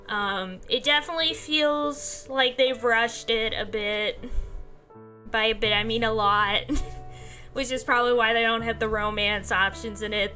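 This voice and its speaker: Slow-talking sleepy woman streamer. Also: mid-range voice, bright, forceful tone. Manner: rambling, chatty, laughs often. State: sleepy, yawning. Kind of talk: casual livestream chat.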